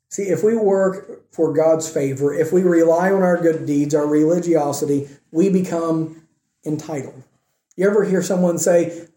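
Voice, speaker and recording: A man preaches an emphatic sermon and poses rhetorical questions to his listeners. His voice is mellow and sits fairly high. The recording is echoey and roomy. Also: normal speed. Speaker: pastor. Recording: echoey room.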